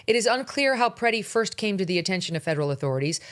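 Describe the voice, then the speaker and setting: Lively intonation and a rapid-fire delivery at medium pitch mark this middle-aged talk show host. In her opinionated monologue, she offers sarcastic, blunt political commentary.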